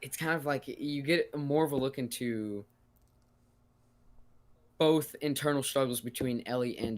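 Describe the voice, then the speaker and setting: A young man talking casually as a podcast guest, thoughtful and a little halting. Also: medium pitch. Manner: thoughtful, halting, restarts sentences. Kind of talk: casual chat.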